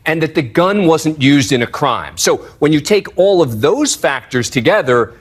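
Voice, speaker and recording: A man's voice: on the high side, moderate pace, slightly rough. A man giving legal analysis on a news broadcast in an explanatory, analytical way. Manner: explanatory, lively analytical delivery. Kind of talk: news commentary.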